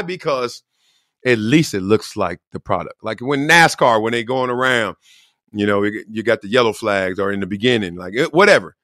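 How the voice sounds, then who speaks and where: Animated man doing sports commentary. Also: fairly low pitch, normal speed, no echo, studio quality. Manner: animated, slangy, acts out quotes in voices. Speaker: host.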